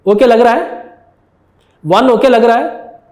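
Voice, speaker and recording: A man's voice: very high-pitched, rapid-fire, a little mellow, roomy sound. A man with an Indian accent teaching an exam lecture, repeating phrases and checking in with his students as he goes.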